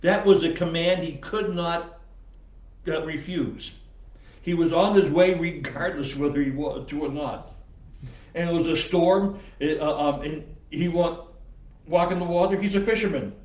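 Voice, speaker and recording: A man's voice: fairly high pitch, darkish tone. A man preaching as pastor in a loose, conversational sermon, full of "uh, um" and acted-out quotes. He is heard from a distance in a roomy, echoing church, and the recording sounds somewhat dull. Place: church sanctuary.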